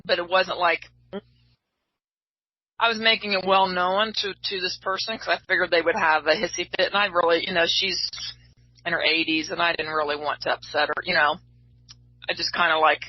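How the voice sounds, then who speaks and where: A woman's voice: on the low side, steady tone, moderate pace, dry recording. A middle-aged woman, a tarot reader, chatting casually and telling rambling stories. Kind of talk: casual chat. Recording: dull lo-fi sound.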